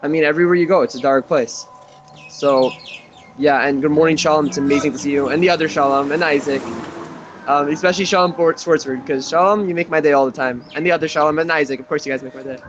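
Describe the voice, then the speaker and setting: An American man joining a video call from abroad, telling stories in an animated, chatty way. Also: a little high, quick pace, highs cut off, background noise. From United States. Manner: lively, animated, laughs between anecdotes. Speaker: participant calling in from Israel. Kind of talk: casual storytelling chat. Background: birds chirping.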